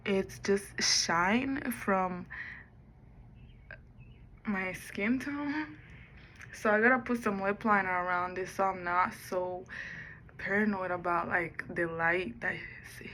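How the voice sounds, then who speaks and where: Slow, musing woman vlogging. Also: on the low side, bright, forceful tone, slight background noise, rough recording. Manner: musing, self-talking, drifts between topics. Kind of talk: rambling personal vlog.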